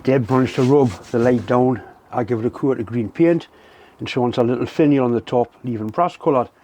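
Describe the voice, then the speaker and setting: A man chatting casually to his viewers from a home workshop, candid and unhurried in the way he puts things. His voice sits at a middling pitch with a mellow, relaxed tone. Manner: candid, plain-spoken, unhurried. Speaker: workshop vlogger. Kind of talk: casual chat to camera.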